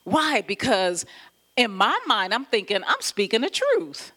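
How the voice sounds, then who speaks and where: Woman pastor, high-ish bright voice, preaches casually with laughs, big swings in pitch. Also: a little slow. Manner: animated, laughing, conversational preaching. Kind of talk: sermon.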